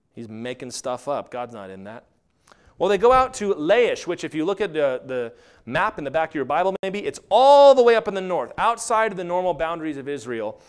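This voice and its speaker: A man preaching a sermon as pastor, animated and acting out quotes along the way. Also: on the high side, clear, resonant tone. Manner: animated, acts out quotes and asides.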